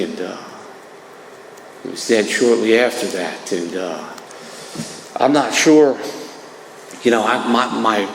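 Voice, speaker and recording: A man's voice: lowish voice, vocal fry. Conversational man in an echoey hall. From New Jersey. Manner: conversational, peppered with "man" and "right". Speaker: speaker at a recovery meeting. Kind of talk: personal testimony talk. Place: meeting hall. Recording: echoey hall, faint room noise.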